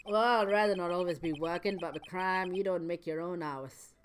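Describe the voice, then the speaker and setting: A woman voicing a gruff, friendly male police detective from a video game, folksy and plain-spoken. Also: on the low side, normal speed, slight background noise, natural voice. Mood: grumbling. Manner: folksy, says "pal".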